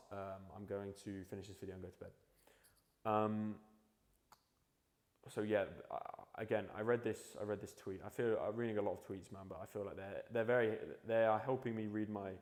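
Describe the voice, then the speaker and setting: A man's voice: fairly low pitch, darkish tone. Rambling young man in an echoey room. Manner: rambling, swears freely, restarts often; drops to mumbling while searching for a quote. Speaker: vlogger. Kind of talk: casual motivational monologue. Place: home at night. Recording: echoey room with long reverb.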